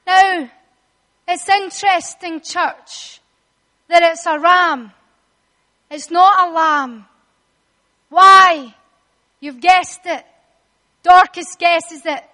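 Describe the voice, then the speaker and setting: A woman preaching a sermon, telling the story dramatically and acting out the voices, rising at times to shouts. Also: extremely high pitch, slow, long pauses. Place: church hall. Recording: long reverb of a large hall.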